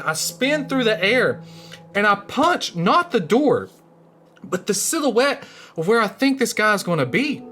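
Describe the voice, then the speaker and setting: A young man telling a personal story in casual speech, laughing through parts and dropping to a hush in tense moments. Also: high voice. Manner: laughs through the story, swings from excited to hushed.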